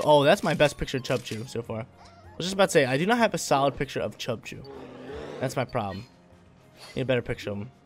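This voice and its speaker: A man narrates his gameplay in a hyped, casual way, full of slang and easy laughs. His voice sits a little higher than most men's. Faint game music plays quietly behind him. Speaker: gameplay commentator.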